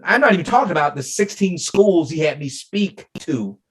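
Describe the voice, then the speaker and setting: A middle-aged man speaks as an interview guest, retelling a personal story with feeling. He talks in a lively way and acts out the lines he quotes. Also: a little high, moderate pace. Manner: emotional, animated retelling with quoted dialogue. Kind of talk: conversational storytelling.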